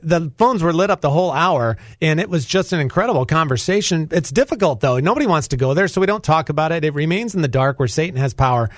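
A charged-up man from North Carolina delivers a Christian talk radio monologue, preachy and emphatic. His voice sits a bit high for a man. The sound is dry and close, with no room around it. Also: no room sound. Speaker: guest radio host. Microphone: studio microphone.

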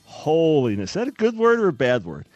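A man's voice: high voice, huge pitch swings, fast talker, no echo, dull audio, faint music behind. A man hosting a radio talk show, teaching the Bible emphatically and asking listeners rhetorical questions.

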